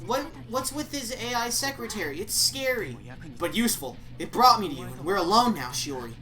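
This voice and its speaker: A woman voicing an obsessive, agitated teenage boy who talks loud and pushy. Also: medium pitch, expressive, fairly quick, over music, natural voice.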